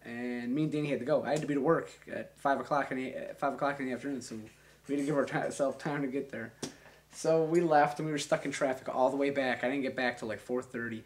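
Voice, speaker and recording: Young man, casual storyteller, rambling and profane, mid-pitched voice, animated delivery. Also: fast talker, slight background noise.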